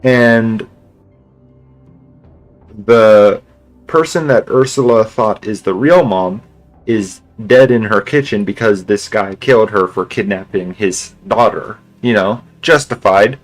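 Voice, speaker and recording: Slow, low-voiced male streamer. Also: faint music behind, poor audio. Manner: rambling, many fillers and restarts. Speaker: game streamer. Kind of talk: casual storytelling on a live stream.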